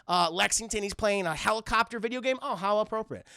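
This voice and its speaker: A man streams a rowdy, profane episode recap and talks straight to his chat. His voice is high and bright with a gravelly rasp, recorded close and completely dry. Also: quick pace, no room sound. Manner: animated and profane, addressing chat. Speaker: streamer reviewing a cartoon. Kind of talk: casual livestream recap.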